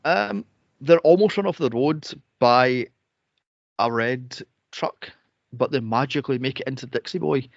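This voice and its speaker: A man co-hosting a film podcast, sarcastic and profane, mocking characters with shrill impressions. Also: a little slow, gravelly, dry recording. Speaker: podcast co-host reviewing a film. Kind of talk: casual chat. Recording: dull lo-fi dry podcast audio.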